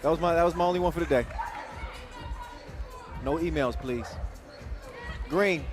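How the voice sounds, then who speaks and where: Energetic male sports commentator, crowd behind. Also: on the high side. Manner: quick, energetic, joking play-by-play. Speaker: play-by-play commentator. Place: basketball event venue. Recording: broadcast mix with loud crowd and music.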